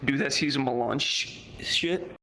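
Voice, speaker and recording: Bright-voiced young man telling a profane story. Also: medium pitch, unhurried, slight background noise, poor audio. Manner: profane, animated, acts out the people he quotes. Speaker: streamer. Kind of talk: casual storytelling on a livestream.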